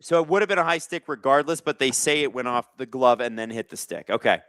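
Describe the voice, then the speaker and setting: A man's voice: medium pitch, quick pace, a bit bright, clear, resonant tone, no echo. A man hosting a live hockey watch-along, chatting with viewers and calling the plays. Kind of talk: casual live-stream hockey commentary.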